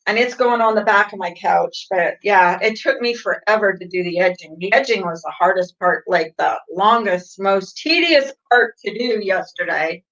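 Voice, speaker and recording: A middle-aged woman chats with her livestream viewers, rambling from one thing to the next and laughing often. Her voice is bright and sharp. The sound is dry and dull, like a cheap webcam microphone. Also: medium pitch, moderate pace, hardly any pauses, no echo. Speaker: livestream host. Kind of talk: casual chat with viewers.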